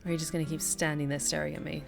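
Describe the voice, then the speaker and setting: A woman's voice: low-pitched, level tone, gravelly, music in the background. Chatty woman streamer thinking aloud. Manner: chatty, thinking aloud, quick asides and mild swearing. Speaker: streamer playing a video game. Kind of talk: casual gameplay commentary.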